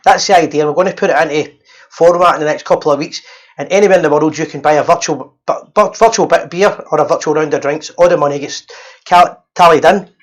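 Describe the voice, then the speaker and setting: A man's voice: a little high, fast talker. A Scottish man hosting a casual live fan show, rambling and restarting as he makes friendly appeals to viewers.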